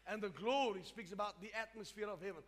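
A man's voice: sits high, fast talker. A man preaching a sermon, emphatic and repetitive, often restarting his phrases. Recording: reverberant hall with faint music.

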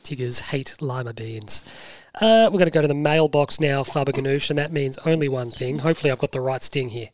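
An Australian man hosting a casual sports podcast, animated and forceful, repeating himself for emphasis. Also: mid-range voice, fairly quick. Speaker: podcast host.

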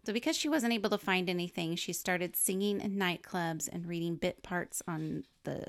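Woman, podcast co-host, low voice, gravelly fry, chatty, reads from notes, casual talk. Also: moderate pace. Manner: chatty, laughs often, explains as she goes. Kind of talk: casual chat, reading researched biography notes.

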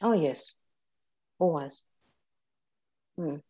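Older Australian woman, low-pitched, candid storyteller, reflective and halting. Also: mellow, breathy edge. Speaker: interview guest. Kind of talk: personal storytelling.

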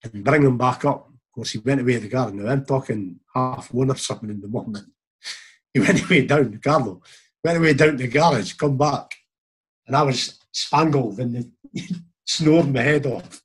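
Husky Scottish man spinning a yarn. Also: mid-range voice, normal speed. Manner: rambling, chuckling, quotes others in reported speech. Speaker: guest, former footballer. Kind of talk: casual anecdotal storytelling.

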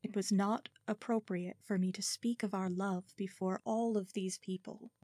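A woman narrating a first-person story in a measured, expressive reading. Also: mid-range voice, no echo, studio quality. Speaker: audiobook narrator.

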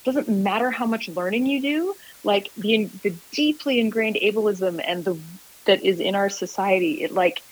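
A woman founder talking as a guest in a casual interview, earnest and animated, with many fillers and restarts. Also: medium pitch, moderate pace, breathy edge, low-quality recording. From Canada.

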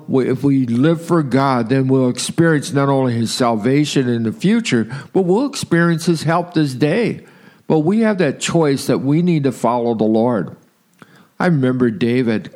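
A man from Southern California giving an earnest devotional sermon, slowing down to read scripture aloud. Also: medium pitch, a little mellow. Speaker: preacher.

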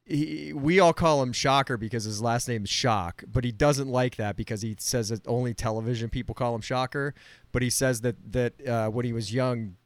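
A man's voice: mid-range voice, normal speed, dry recording. A man co-hosting a podcast over a video call, bantering in a dry, teasing way. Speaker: podcast co-host.

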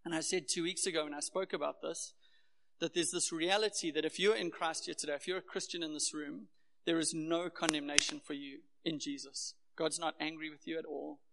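A man's voice: on the high side, fairly even intonation, fairly quick, gravelly, fairly bright tone, a little hiss or hum. A man from Durban with a South African accent, preaching a sermon in a church in an earnest, personal, conversational way. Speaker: pastor. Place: church hall. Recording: echoey hall.

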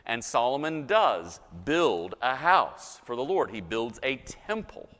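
A man's voice: mid-range voice, very animated, slow pace, a bit bright. A male pastor preaching a sermon, conversational and teaching, checking in with his listeners. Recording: hall reverb.

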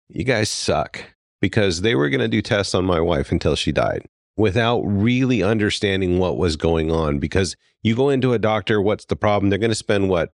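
A man with a very low, deep voice co-hosts a podcast in relaxed conversation. He speaks earnestly and grows heated, then catches himself and apologizes. The sound is close and dry, with no room echo. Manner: earnest, gets worked up and apologetic. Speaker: podcast co-host. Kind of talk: casual podcast talk.

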